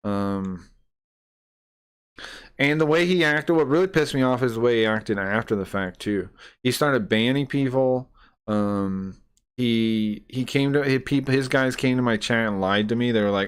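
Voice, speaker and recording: A man's voice: medium pitch, moderate pace, clean tone. A man livestreaming, retelling a grievance in an indignant, profane, rambling way. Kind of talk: ranting stream commentary.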